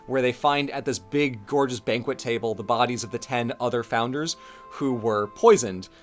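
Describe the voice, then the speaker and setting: Animated man breaking down a game scene. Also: mid-range voice, normal speed, faint music behind. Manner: animated, acts out character lines in playful voices. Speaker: co-host. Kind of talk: casual video essay chat.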